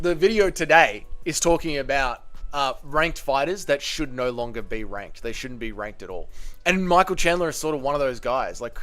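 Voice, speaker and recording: Australian male streamer, casual and profane, mid-pitched voice, soft music in the background. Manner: swearing, chatty, greets viewers by name. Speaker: livestream host. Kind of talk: casual livestream chat. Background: faint music playing.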